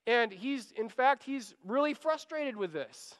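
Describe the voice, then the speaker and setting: An earnest man preaches a sermon, urging his listeners and repeating phrases as he pleads. His voice sits very high and comes across smooth and resonant. A long reverb trails each phrase, as in a large hall. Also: animated, unhurried, a bit bright. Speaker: pastor.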